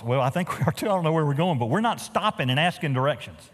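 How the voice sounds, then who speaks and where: Animated male pastor preaching in a reverberant hall. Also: a little high, quick pace. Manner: animated storytelling with humorous asides. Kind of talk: sermon. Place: church sanctuary.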